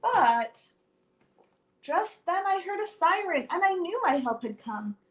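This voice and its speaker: Animated young woman reading a storybook aloud. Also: very high-pitched, slow, noisy background. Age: young adult. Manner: animated, sing-song rhyming delivery with dramatic swings. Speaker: children's storyteller. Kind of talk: reading a picture book aloud to children.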